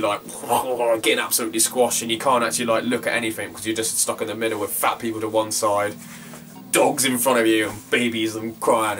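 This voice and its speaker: Young bloke, rambling casual vlogger, swears a lot; distant mic, soft guitar underneath. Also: male voice, mid-range voice. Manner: rambling, chatty, swears freely. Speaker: retro game collector. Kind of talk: casual vlog chat. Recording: distant from the mic, faint guitar music behind.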